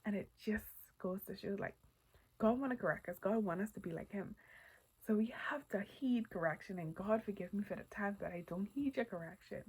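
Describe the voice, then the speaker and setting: A woman with a husky, breathy voice gives heartfelt Christian encouragement in a casual, candid way. Her delivery often sinks to a near-whisper, then rises and grows animated as she shares stories from her own life. Her pitch sits in a middle register. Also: a little fast, low-quality recording. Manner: grows loud and animated when telling personal stories. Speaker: Christian speaker.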